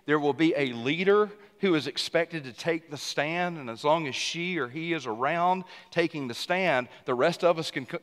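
Pastor, man, preaching with animated loud bursts; slightly high voice, long church reverb. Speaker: senior pastor. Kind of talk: sermon. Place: church sanctuary.

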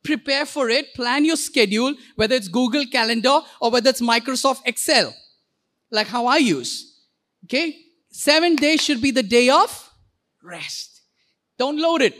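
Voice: high-pitched, a bit bright. A pastor preaching a sermon in a church, playful and interactive, calling on the congregation to repeat words back. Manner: playful, quick asides and jokes.

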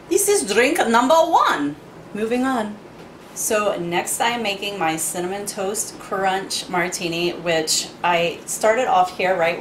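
A woman's voice: medium pitch, reverberant, slight background noise. A woman making cocktails in her home kitchen, chatty and playful with little asides. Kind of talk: casual kitchen demo chat.

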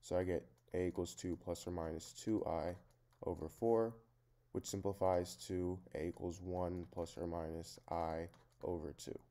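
Like a tutor at his desk going over a worked example, a low-voiced man explains a math problem one step at a time. His delivery is plain, methodical and unhurried, with a mellow, steady tone.

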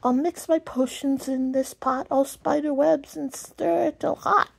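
A woman's voice: high voice, fairly even intonation, measured pace, creaky, pitched above the performer's own voice, full character voice. A woman reading a storybook and voicing a little girl pretending to be a wicked old witch, gleeful and theatrical.

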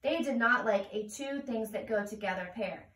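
Woman, children's storyteller, gentle sing-song read-aloud, high-ish, roomy distant sound. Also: moderate pace. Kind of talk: reading a picture book aloud.

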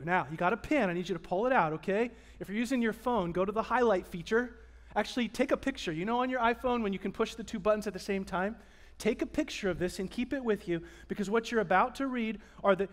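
A man pastor preaching a sermon in a church, emphatic and animated, drawing call-and-response from the congregation. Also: sits high, fairly quick. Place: church sanctuary.

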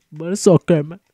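A man's voice: on the high side, dark tone, husky, no echo, studio quality. A young man giving casual gameplay commentary as host of his own video series. He jokes, grumbles and trash-talks at other players.

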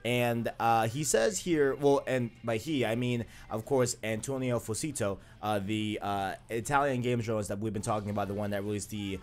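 A man's voice: on the low side, moderate pace, few pauses. Chatty, rambling male gaming host. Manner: rambling, chatty, many fillers and restarts. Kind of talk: casual video commentary.

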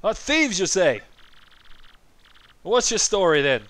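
A man's voice: sits high, sing-song, slow, a bit bright, voice pushed up, heavily acted. A man doing a cranky, senile old turtle mayor. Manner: grumbling, confused, snappish.

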